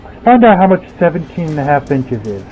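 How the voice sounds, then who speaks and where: A man's voice: a little high, big pitch swings, brisk. A man talking through his work in a workshop, rambling and thinking aloud on a headset mic. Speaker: blacksmith vlogger. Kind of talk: casual workshop commentary. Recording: tinny phone-like sound, faint music.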